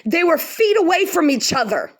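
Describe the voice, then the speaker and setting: Fired-up woman ranting, high lively voice. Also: normal speed. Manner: heated, profane, emphatic, repeats lines for stress. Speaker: vlogger. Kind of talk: angry direct-to-camera rant.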